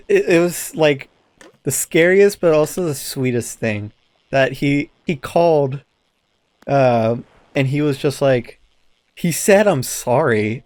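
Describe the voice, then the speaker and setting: Male podcast co-host, casual animated storyteller, mid-pitched voice, dry recording. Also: no room sound. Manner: animated storyteller, acts out quotes, swears often. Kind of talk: casual chat.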